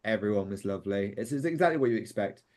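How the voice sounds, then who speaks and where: A man's voice: fairly low pitch, lively intonation, quick pace, darkish tone. Enthusiastic young British man, rambling. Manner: enthusiastic, rambling, lots of fillers and quoted voices. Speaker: interview guest, former extra. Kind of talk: casual interview storytelling.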